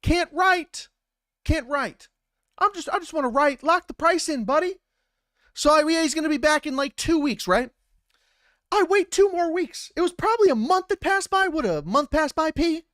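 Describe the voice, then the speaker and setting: A man telling a story in a casual, profane and animated way, acting out both sides of the conversations himself. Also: very high-pitched, moderate pace, no echo, studio quality. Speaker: battle rapper.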